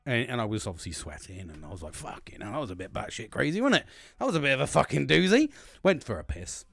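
A British man spins a rambling, profanity-laced story, his pitch leaping all over the place. He keeps breaking into laughter at his own tale. The voice sounds close and dry, with no room sound. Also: big pitch swings, fast, gravelly, a bit bright, no echo. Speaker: host recounting his dreams. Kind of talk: casual storytelling monologue.

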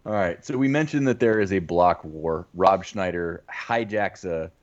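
A man co-hosting a casual movie podcast, playful and quick to laugh. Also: deep voice, muffled recording. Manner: playful, laughs often, tries silly impressions. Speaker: podcast co-host.

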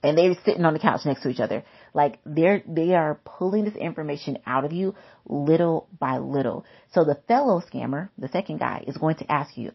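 Low-voiced woman breaking down scams, husky, chatty and emphatic, kinda muffled lo-fi sound. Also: lively intonation, a little fast. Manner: emphatic, chatty, repeats key points. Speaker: consumer safety educator. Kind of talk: instructional talk.

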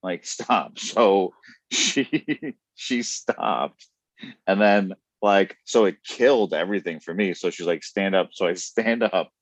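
A man's voice: low-pitched, slow, no echo. A man telling blunt, profane stories with frequent laughs in a casual podcast chat. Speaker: podcast guest.

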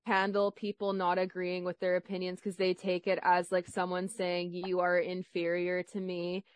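A woman's voice: lowish voice, completely flat delivery, moderate pace, clean tone, dry recording. A woman hosting a podcast, speaking casually and filling her sentences with "like". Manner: casual, many "like" fillers. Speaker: podcast host.

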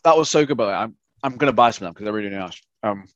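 Blunt sweary British man, lively pitch. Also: very fast, lo-fi sound. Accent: British English. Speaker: co-host. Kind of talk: casual chat.

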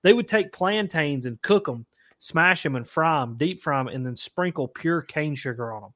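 Guy, slightly high voice, lively storyteller, chatty podcast guest. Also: moderate pace. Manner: animated storyteller, says dude and like. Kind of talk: casual storytelling.

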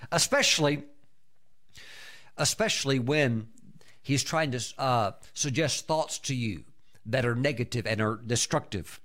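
A man, a pastor, preaching a sermon in an emphatic, animated way, with repeated exclamations. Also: medium pitch, unhurried, long pauses.

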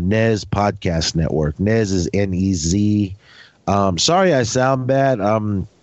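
A man who is a guest on a podcast, stuffy and slightly hoarse, chatting casually and rambling with lots of fillers. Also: on the low side, darkish tone, no echo, muffled recording. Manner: rambling, with many fillers and restarts. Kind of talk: casual chat.

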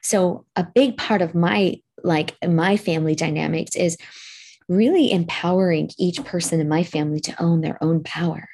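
Lowish husky woman cohost, musing thoughtfully in casual chat. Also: moderate pace, a little mellow. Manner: reflective, talks about energy and empathy. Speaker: podcast co-host.

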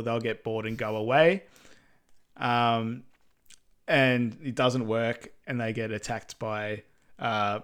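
A man co-hosting a podcast, casually recapping a movie from his notes, relaxed, with many ums. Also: medium pitch, clean tone. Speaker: podcast co-host. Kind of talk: casual film recap chat.

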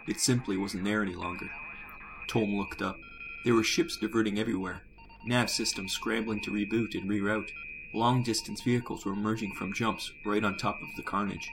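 Brief: low-voiced man narrating a sci-fi audiobook over a music bed. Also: low-quality recording. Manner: measured, descriptive.

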